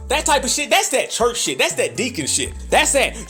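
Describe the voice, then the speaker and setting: A podcast host with a high, very animated, fairly bright voice delivers an emphatic commentary monologue over soft background music. He preaches it in cadence, swears often, and slips in quick asides imitating other voices.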